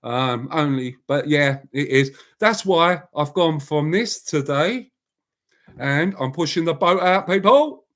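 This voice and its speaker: A man's voice: a little high, expressive, slow, a bit bright. Rambling man hosting a live chat. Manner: rambling, blunt, reads out viewers' names. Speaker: livestream host.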